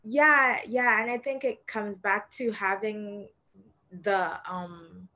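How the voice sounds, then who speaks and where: A woman participant in a workshop, sharing her own experience in a thoughtful, earnest way, halting with fillers. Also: mid-range voice, fairly even intonation, pushed and bright. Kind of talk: casual reflective sharing.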